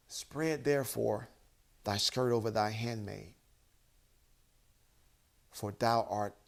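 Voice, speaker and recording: A man reading a humble young woman's words slowly and softly, in a calm, soothing tone. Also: fairly low pitch, gravelly, voice pushed down, full character voice. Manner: slow, soft, gentle reading.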